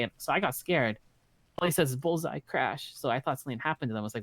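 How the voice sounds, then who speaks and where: A man chatting casually in character, swearing freely as he tells one story after another. His voice is mid-pitched and sits close and dry on the mic. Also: very fast, dry recording. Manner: blunt, profane, animated storytelling. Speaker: roleplay streamer.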